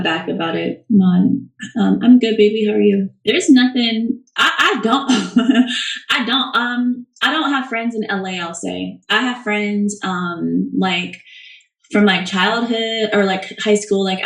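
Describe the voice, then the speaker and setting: A woman's voice: mid-range voice, recorded from a distance. A young woman chatting casually on a livestream, answering fan questions with lots of fillers and restarts. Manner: chatty, rambling, many fillers. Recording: echoey room, off-mic.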